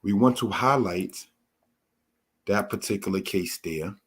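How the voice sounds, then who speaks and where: A man with a low, husky voice gives a scripture lesson at an unhurried pace. He explains each word patiently and keeps calling his listeners brothers and sisters. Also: a bit bright. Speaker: Torah teacher. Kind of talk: slow spoken Bible lesson.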